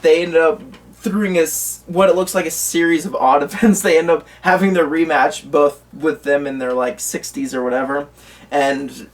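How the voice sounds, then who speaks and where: Guy with a kinda high voice rambling about movies, um and uh a lot, sounds a bit far from the mic. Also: fairly even intonation, normal speed. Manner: rambling, many fillers and restarts. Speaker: co-host. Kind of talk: casual chat about movie news. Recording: voice from away from the mic.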